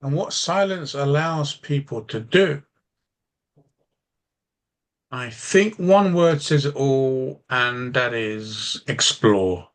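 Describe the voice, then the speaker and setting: A man's voice: medium pitch, slow. A man who coaches drivers, talking bluntly in a casual podcast chat, swearing for emphasis and restarting his sentences as he rambles on. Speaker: driving instructor and coach.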